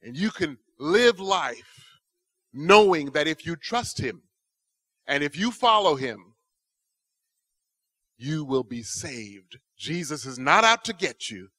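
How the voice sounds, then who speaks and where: A man telling a children's story at church with animated, expressive delivery. His voice is bright and fairly high for a man, with lively swings in pitch. He speaks slowly and deliberately. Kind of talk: children's sermon.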